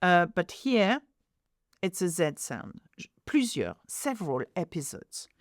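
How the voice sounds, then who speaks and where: Woman, teacher, slow and animated delivery, dry close recording. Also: fairly low pitch, no room sound. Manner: slow, clear modelling of French words, then explaining in English. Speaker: French teacher. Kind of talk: pronunciation lesson.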